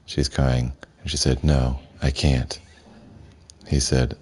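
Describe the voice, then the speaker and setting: A man streaming a video game, reading the dialogue aloud in a flat voice and adding his own casual asides. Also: rumbling low, slow pace, slightly rough. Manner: reads the subtitles aloud flatly, with asides.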